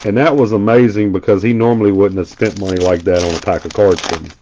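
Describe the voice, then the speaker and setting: A man's voice: fairly low pitch, fairly even intonation, fast, warm tone, lo-fi sound, a little hiss or hum. A man hosting a card break on a casual live stream. He chats and tells stories as he rattles off card names.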